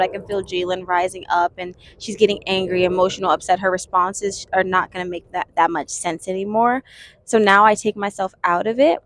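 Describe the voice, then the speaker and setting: A woman in her twenties talking earnestly and thoughtfully to camera in a reflective self-help vlog, pausing and restarting as she works through her thoughts. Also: mid-range voice, slight background noise. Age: 20s. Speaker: vlogger.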